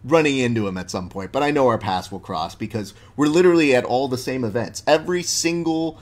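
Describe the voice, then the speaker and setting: A young man hosts a casual interview podcast, his mid-range voice brisk. The chat is easygoing and full of slang, "dude," and storytelling.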